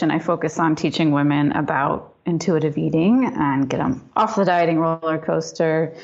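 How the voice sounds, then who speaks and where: A woman's voice: low voice, highs cut off. A woman guest on a podcast, speaking casually, a little out of breath and laughing often. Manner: laughs often while talking. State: slightly out of breath. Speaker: guest, health and lifestyle coach.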